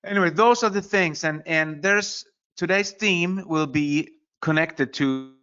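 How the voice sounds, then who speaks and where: Earnest high-voiced man, motivational talk. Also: unhurried, bright, forceful tone, clean tone, muffled recording. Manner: earnest and emphatic, frequent "you know" asides. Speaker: motivational speaker.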